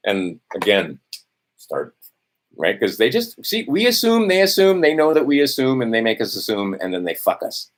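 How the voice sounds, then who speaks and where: A vlogger with a mid-range, sing-song voice delivers a heated, profane monologue to camera at a moderate pace. He's testy, keeps adding "right?", and loses his place in his notes.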